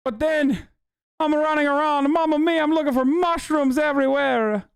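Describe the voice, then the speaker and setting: A man's voice: steady tone, normal speed, vocal fry, dry recording, clean studio sound. A man voicing a hammy male Italian immigrant with a put-on thick Italian accent and exaggerated exclamations. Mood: excited. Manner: high, exaggerated, theatrical exclamations.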